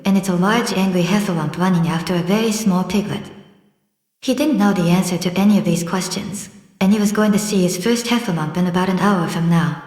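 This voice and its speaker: A woman narrating a children's audiobook gently, describing the drawings as she goes. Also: fairly low pitch. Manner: gentle, describes pictures aloud. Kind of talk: scripted storybook narration. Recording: roomy echo.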